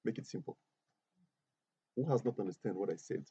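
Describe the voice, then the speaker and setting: This Ivorian English teacher has a very dark, slightly husky voice, medium in pitch, animated and a little fast. He patiently repeats himself during a grammar lesson, checking that all his students follow, in a dry, muffled recording with little to no room sound.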